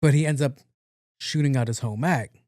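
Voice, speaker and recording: A man's voice: mid-range voice, fairly quick, a little mellow, no echo, studio quality. A man hosting a podcast, recapping a movie in a rambling, profane, casual way and acting out the characters' lines. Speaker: podcast host.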